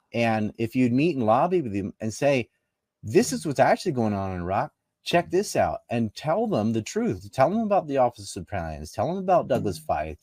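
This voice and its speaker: A man's voice: mid-range voice, a little mellow, no room sound, studio quality. A man from North Carolina, a political commentator in a conversational interview, talking emphatically and firing off rhetorical questions.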